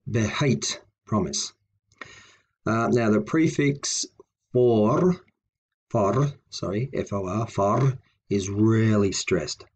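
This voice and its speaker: A man's voice: fairly low pitch, darkish tone. A man teaching a language lesson, patiently repeating each example word several times as he explains.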